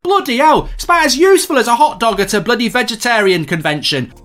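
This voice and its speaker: A woman's voice: a little high, lively intonation, quick pace, a bit bright, soft background music. Woman doing a sarcastic grumbling Brit. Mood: exasperated.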